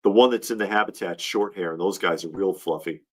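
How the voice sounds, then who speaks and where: A man's voice: low-pitched, brisk. A man hosting a casual livestream, rambling and heartfelt as he talks, often restarting his sentences. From Georgia, US. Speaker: livestream host.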